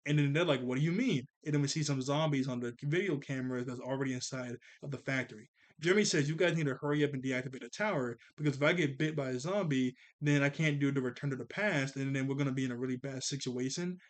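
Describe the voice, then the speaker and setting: A man recapping a cartoon episode in a casual, excitable, rambling way, talking fast and correcting himself as he goes. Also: medium pitch. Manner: talks fast. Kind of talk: casual spoken review.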